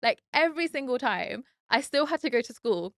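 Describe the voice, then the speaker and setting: A woman's voice: high voice, expressive, brisk, a bit bright, dry recording, studio quality. A young British woman from the UK hosting a casual solo podcast, chatty and heartfelt, often saying "like". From United Kingdom. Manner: chatty and heartfelt, lots of "like" fillers. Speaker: podcast host.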